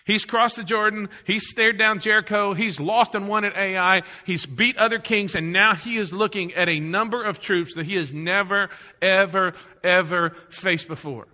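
A man preaching from the pulpit with a high, piercing, very bright voice. He drives his points home by repeating them and throws questions out to the congregation. His voice carries a long reverb tail through the church hall. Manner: repetitive, emphatic preaching with rhetorical questions to the congregation. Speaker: pastor. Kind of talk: sermon.

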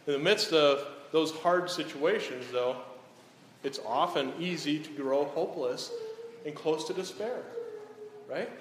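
Preacher in an echoey hall. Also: male voice, fairly high pitch, unhurried, a little hiss or hum. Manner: rhetorical, often tags lines with "right?"; drops to a hush on solemn lines. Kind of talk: sermon. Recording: echoey hall, faint ambience.

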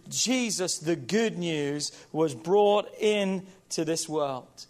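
Male pastor, high voice, fervent sermon delivery with drawn-out emphasis and rallying calls. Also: lively intonation. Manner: emphatic, repetitive call-and-response preaching; slows and stretches key phrases.

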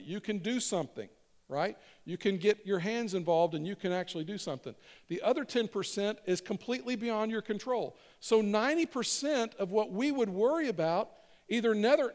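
A man's voice: sits high, expressive, a little fast, darkish tone. A male pastor giving a conversational sermon and leading the congregation in call-and-response phrases. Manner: conversational, repeats lines for the congregation to echo.

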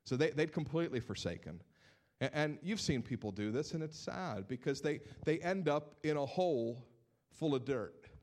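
A man preaching a sermon as pastor. His voice sits a little high for a man. He tells stories in an animated way and repeats words as he builds toward a point. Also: normal speed.

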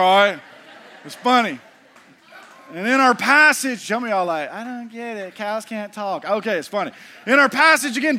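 High, bright preacher. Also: male voice. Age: middle-aged. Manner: folksy, jokey, animated preaching. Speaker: pastor. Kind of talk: sermon.

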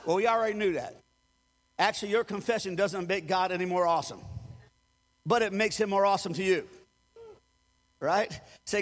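Man, pastor, very high voice, emphatic sermon, call-and-repeat with congregation, long reverb. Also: normal speed, pauses often. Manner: emphatic preaching, calls for congregation to repeat after him.

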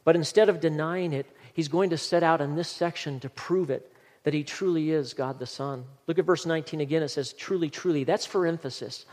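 Male pastor, emphatic sermon delivery, a touch high-pitched, recorded with long reverb in a church sanctuary. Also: brisk, a little mellow. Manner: earnest, emphatic preaching with scripture reading.

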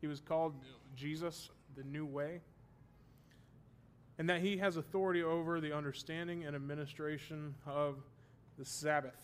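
A man's voice: a little high, fairly even intonation, moderate pace, slight background noise. A man teaching a Bible study class, explaining terms and checking that his students follow, with the odd self-deprecating joke.

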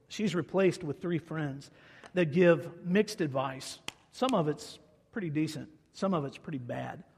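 Male preacher, husky, emphatic sermon delivery with loud peaks and hushed asides; long hall reverb. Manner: emphatic, swings from loud declaiming to low quiet asides.

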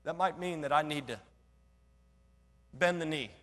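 A male pastor preaching a sermon in an animated way, joking and asking the congregation rhetorical questions. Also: fairly high pitch, a little slow, long reverb tail.

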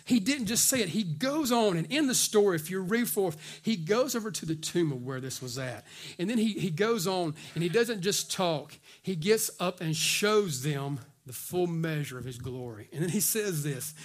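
A pastor preaching a sermon in a church, fervent and folksy, calling out "come on" and dropping to a slow hush for scripture. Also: male voice, high-pitched, animated. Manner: fervent preaching, swings from loud urging to hushed slow scripture reading; folksy, says "man" and "come on".

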